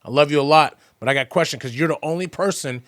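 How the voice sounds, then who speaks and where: A podcast guest who works as a percussionist and motivational entertainer tells an animated story in a fairly high voice, talking fast. He's lively and emphatic, acting out both sides of conversations in quoted voices and repeating lines for effect. The recording is close and dry, with no room sound.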